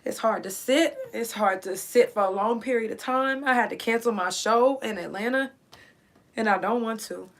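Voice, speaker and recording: A woman hosting her own show talks through a personal story in a casual, unfiltered monologue. Her speech is blunt and full of swearing. She is clearly in pain and struggling not to cry. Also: fairly high pitch, moderate pace. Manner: blunt, profane, emotional, in pain. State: in pain, near tears. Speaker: podcast host.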